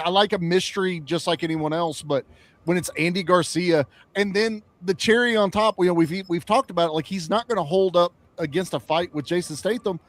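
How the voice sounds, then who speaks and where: High-voiced man, profane and animated. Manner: profane, animated, acts out scenes. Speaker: podcast co-host. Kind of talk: casual chat.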